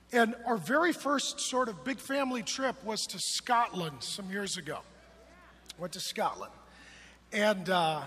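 A man in his forties preaching a sermon, emphatic and swinging from loud calls to hushed storytelling. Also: high voice, slightly rough, long reverb tail. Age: 40s.

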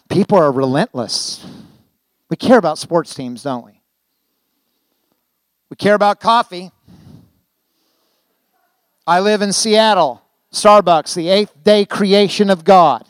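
An older man delivers a sermon in a church, his voice sitting high for a man and coming through smooth and clear. He talks in a folksy, storytelling way, tossing rhetorical questions to the congregation. The sound is dry and close to the mic. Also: no room sound. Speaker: guest preacher. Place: church sanctuary.

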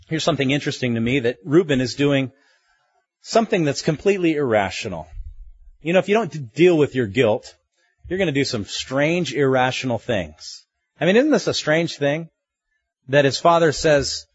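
Husky-voiced man preaching a sermon. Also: fairly high pitch, normal speed, no room sound, lo-fi sound. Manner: animated, conversational preaching with rhetorical questions.

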